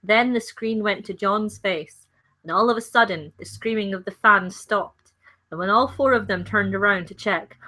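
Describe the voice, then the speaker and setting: A woman's voice: mid-range voice, bright, forceful tone. A Scottish woman co-hosting a livestream, reading a story aloud with stumbles, self-corrections and giggles. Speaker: co-host reading stories aloud.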